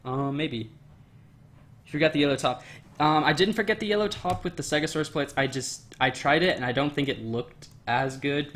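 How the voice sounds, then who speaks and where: A young man speaks at a medium pitch into his desk mic during a livestream, drifting between thoughts and reading chat aloud. He sounds relaxed and rambling, full of ums and half-finished sentences.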